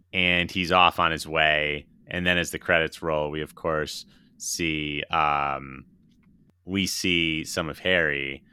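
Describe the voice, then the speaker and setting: A man's voice: rumbling low, bright, forceful tone, smooth, dry recording, studio quality. A man co-hosting a casual movie podcast, retelling film scenes with enthusiasm and the odd swear. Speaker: podcast co-host.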